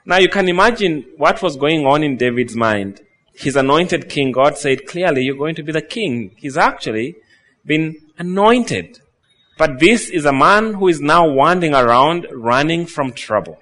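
Man, preacher, sermon, higher-pitched voice, reads scripture then retells with quoted lines. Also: lively intonation, moderate pace, fairly bright tone.

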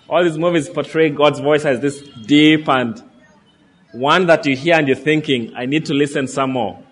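A man's voice: a little high, normal speed, soft background music. A man preaching a sermon, reading scripture aloud and earnestly asking his listeners questions.

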